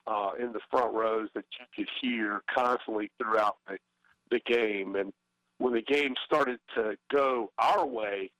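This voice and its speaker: A man's voice: on the low side, fairly even intonation, unhurried, fairly bright tone, no room sound, rough recording. A middle-aged man, a former baseball player, talking as a guest in a casual interview, hesitant with many fillers and restarts.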